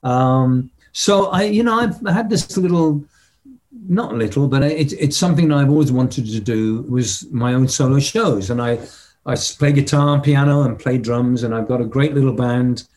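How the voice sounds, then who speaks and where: A man's voice: medium pitch, normal speed. Older man telling rock anecdotes. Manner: animated anecdotes, mimics drum patterns vocally. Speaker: interview guest, rock drummer. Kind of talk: casual storytelling interview.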